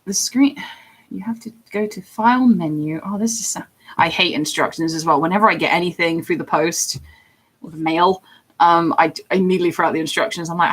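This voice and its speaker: A young woman chatting casually on a live stream, giggly and self-deprecating, her pitch swinging widely as she answers viewers. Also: normal speed, fairly bright tone.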